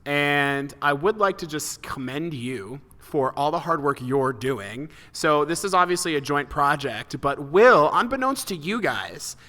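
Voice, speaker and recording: A man's voice: on the high side, animated, unhurried, few pauses, pushed and bright, long reverb tail. A man co-hosting a podcast in casual chat over beers, laughing, joking and swearing freely. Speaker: podcast co-host. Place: home room rigged with studio lights.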